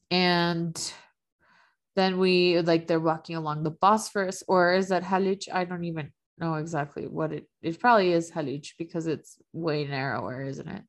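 A woman's voice: fairly low pitch, brisk, hardly any pauses. A woman in casual chat, recapping a TV drama as a podcast co-host, talking loosely with lots of fillers and frequent laughs. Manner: chatty, filler-heavy, laughs often.

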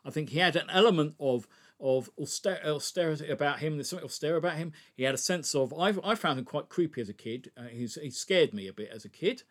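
A man with a somewhat high voice argues his view of a film in a casual discussion. He is emphatic and opinionated and keeps pressing his points. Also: animated, quick pace.

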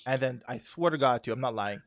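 A man hosting a casual chat and telling animated, slangy stories. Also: medium pitch, brisk.

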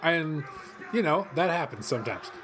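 A man's voice: fairly high pitch, noisy background. Rambling, profane man hosting. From western Kentucky, USA. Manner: rambling, profane, quick to excited outbursts. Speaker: host. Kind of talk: casual watch-along commentary. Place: cold home office studio.

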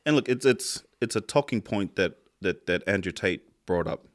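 A man's voice: deep voice, expressive, normal speed. A man, co-hosting a podcast in casual chat, talking with heated emphasis and heavy swearing. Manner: impassioned, swears a lot, rising emphatic outbursts. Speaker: podcast co-host.

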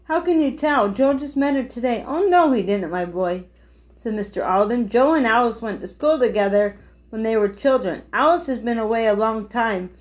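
A woman reads a children's chapter book aloud in a slightly high voice. She keeps the narration gentle and plain, giving each character only a light touch of a voice. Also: lively intonation, normal speed, low-quality recording. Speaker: storyteller.

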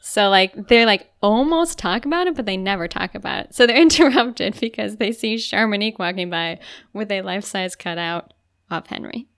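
A woman co-hosting a podcast recaps an episode in casual chat, using a mid-range, slightly bright voice at normal speed. She says "like" constantly and acts out quotes.

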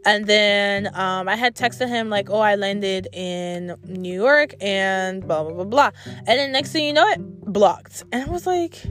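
A woman's voice: mid-range voice, lively intonation, a little slow, fairly bright tone, soft background music. A young adult woman telling a story to her camera in a blunt, profane, exasperated storytime rant. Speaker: vlogger.

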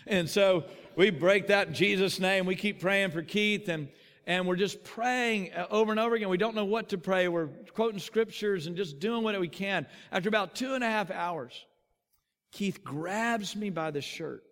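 Male preacher, animated storyteller, highish voice, long hall reverb. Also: normal speed. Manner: animated storytelling, acting out quotes. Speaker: pastor. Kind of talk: sermon.

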